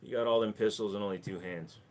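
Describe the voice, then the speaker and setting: A man's voice: on the low side, fairly even intonation, fast talker. A man hosting a casual livestream, reading chat messages aloud and answering with crude jokes. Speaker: livestream host.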